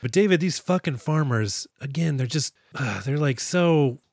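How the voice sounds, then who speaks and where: A man co-hosting a podcast in casual chat, animated and profane, acting out characters as he retells scenes. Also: fairly high pitch, moderate pace, creaky, slightly rough, no echo, clean studio sound. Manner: animated, swears a lot, acts out characters in quoted lines. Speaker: podcast co-host.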